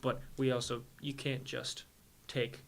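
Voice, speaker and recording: A young male podcast co-host in loose, opinionated chat. He swears casually and stumbles into repeated words, keeping a mid-pitched, everyday tone. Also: flat delivery, unhurried, creaky, crowd noise.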